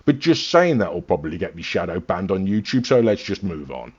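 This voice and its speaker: A man's voice: low voice, sing-song, brisk, slightly rough. A British man delivering a crude, sweary, sarcastic comedy rant in a rambling monologue. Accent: British English. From Britain. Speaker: comedy reviewer. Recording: dull lo-fi recording.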